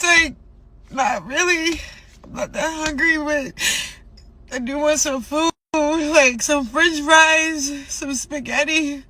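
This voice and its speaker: A woman boxer recording a personal video diary, tearful and halting, talking to herself as she fights back crying. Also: sits high, bright, forceful tone.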